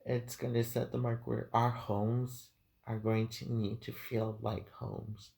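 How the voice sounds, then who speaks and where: Slow, gravelly-voiced man reading tarot. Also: medium pitch, monotone, darkish tone. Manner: hesitant, many ums, heartfelt and emotional. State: teary-eyed. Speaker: tarot reader. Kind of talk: unscripted tarot reading monologue.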